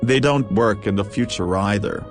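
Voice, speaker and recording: A man reading a list of jokes aloud, with a steady question-and-punchline delivery. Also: fairly low pitch, moderate pace, over music. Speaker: joke reader.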